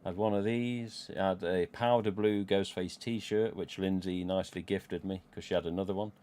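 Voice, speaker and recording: A man's voice: deep voice, fairly even intonation, moderate pace, darkish tone. A middle-aged man with an English Midlands accent, chatting casually on a live stream, rambling and swearing freely as he goes. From England. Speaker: livestream host.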